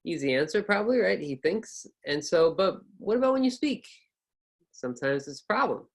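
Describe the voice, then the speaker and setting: A man's voice: fairly high pitch, very animated, moderate pace. A man in his thirties teaching an online English lesson in a casual, upbeat, chatty way with plenty of fillers.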